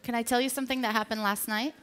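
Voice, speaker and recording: A woman business coach giving an energetic motivational seminar talk, drawing the audience in with call-and-response questions. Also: fairly high pitch, racing. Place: live event with an audience.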